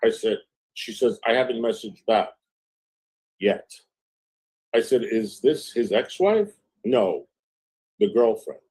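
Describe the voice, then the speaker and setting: A man's voice: on the low side, expressive, slow pace, pauses often, darkish tone, slightly rough, poor audio. A man hosting a livestream, telling a story by reading old chat messages aloud. He switches back and forth between "she goes" and "I said" and swaps swear words for "effing" or single letters. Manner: bleeps his own swearing with letters and "effing". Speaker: livestream host.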